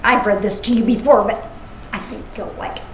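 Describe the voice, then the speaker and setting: A woman minister giving a casual, playful sermon with animated asides. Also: mid-range voice, brisk. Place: church service. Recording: echoey room with faint noise.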